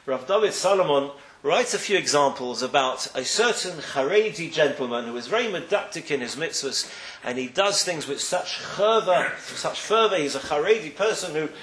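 A man's voice: a little high, animated, moderate pace, fairly bright tone, slight background noise. A man giving a sermon as a rabbi, telling stories and acting out the people he quotes with lots of emphasis. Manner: storytelling, acts out quoted people, rising and falling emphasis. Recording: echoey room.

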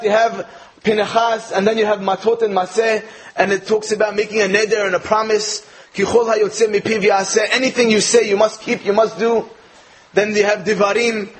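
High-voiced American man telling a joke. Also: poor audio. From United States. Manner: storytelling, animated delivery of quoted lines. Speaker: speaker giving a Torah talk. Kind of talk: sermon with a told joke. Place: speaking in England.

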